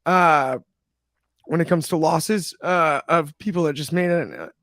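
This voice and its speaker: A man hosting a podcast who talks in a subdued way, halting with many fillers. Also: fairly high pitch, a bit bright, no echo, studio quality. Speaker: podcast host. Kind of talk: casual podcast talk.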